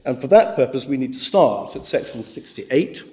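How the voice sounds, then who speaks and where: A man speaks as a barrister before the bench in a courtroom. His delivery is formal and deliberate, with frequent repeated words as he restarts his phrases. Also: mid-range voice, very animated, a little mellow, slight background noise. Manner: measured, with frequent stammered restarts. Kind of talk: formal legal submissions.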